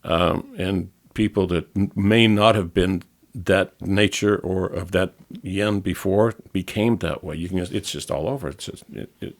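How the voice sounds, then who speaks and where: A man's voice: low voice, measured pace. A man co-hosting a podcast in a studio, telling travel stories in casual chat with many restarts and self-corrections. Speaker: podcast co-host back from travel.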